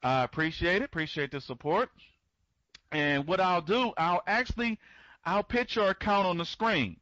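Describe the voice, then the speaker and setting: A man's voice: sits high, moderate pace, sharp tone, dry recording, dull audio. A man hosting an online members' conference, rambling and repeating himself, stammering through restarts and greeting attendees by name. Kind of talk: live webinar talk.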